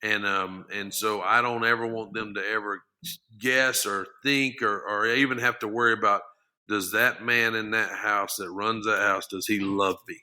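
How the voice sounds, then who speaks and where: Earnest man with bright forceful voice. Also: on the low side, fairly even intonation, moderate pace. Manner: earnest, repeats and restarts words often. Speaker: podcast guest, former football lineman. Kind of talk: casual interview talk.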